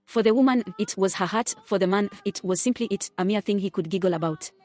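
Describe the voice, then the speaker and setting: Woman student presenter, brisk formal reading of a literature paper. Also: medium pitch, darkish tone.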